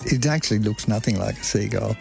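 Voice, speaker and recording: Older man, gravelly, chatty and reminiscing, faint background music. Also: fairly low pitch, fairly quick, darkish tone. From Australia. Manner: chatty, laughs as he tells it. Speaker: interviewee, health campaigner. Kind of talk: recalled storytelling in a radio documentary.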